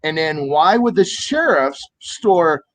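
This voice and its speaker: A man in his fifties from the United States, telling animated stories in a casual political chat and acting out quoted voices. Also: a little high, slow, rough recording. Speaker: co-host of a political talk stream.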